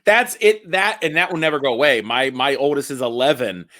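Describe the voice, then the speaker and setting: A man in his thirties, a comedian guest chatting casually and excitably, swearing and joking about his kids. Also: mid-range voice, fairly quick. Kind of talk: casual podcast chat.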